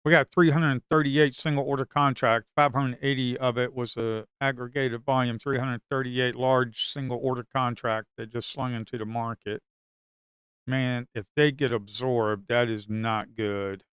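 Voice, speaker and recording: A man's voice: mid-range voice, steady tone, normal speed, fairly bright tone, clear, resonant tone, no echo, clean studio sound. A man giving live trading commentary to viewers, muttering and repeating phrases to himself, now and then swearing at the market. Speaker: live-streaming futures trader.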